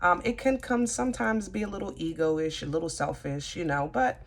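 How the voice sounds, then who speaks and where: Woman, tarot reader, lowish voice, casual and chatty, talks back to her cards. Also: normal speed.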